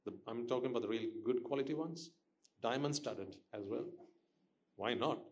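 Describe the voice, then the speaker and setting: A man's voice: mid-range voice, normal speed, darkish tone. Man, Buddhist teacher, dharma talk, emphatic, repeats himself, questioning.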